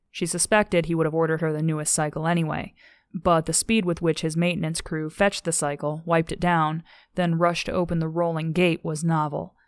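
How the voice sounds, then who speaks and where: Low-voiced woman reading an audiobook. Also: no echo. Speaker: audiobook narrator. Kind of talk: scripted audiobook narration.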